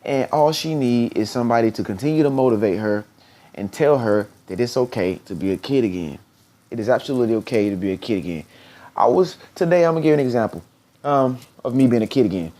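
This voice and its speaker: Man, mid-pitched, earnest motivational vlogger; repeats lines for emphasis, pops into squeaky voices for quotes. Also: fast talker, mellow. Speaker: motivational speaker. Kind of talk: motivational vlog talk.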